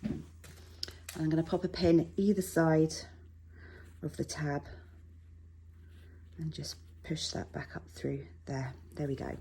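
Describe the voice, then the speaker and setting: A woman's voice: deep voice, slow pace, pauses often, dark tone, slightly rough. A woman teaching a sewing tutorial from her home sewing room, chatty and reassuring as she works. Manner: chatty, reassuring, self-deprecating asides. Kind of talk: relaxed tutorial talk while working.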